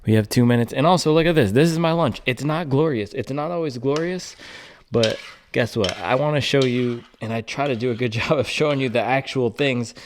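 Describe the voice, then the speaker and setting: A man's voice: mid-range voice, fairly quick, a little hiss or hum. A young man chatting casually in a vlog as a running shoe reviewer, playful and rambling with jokey slang.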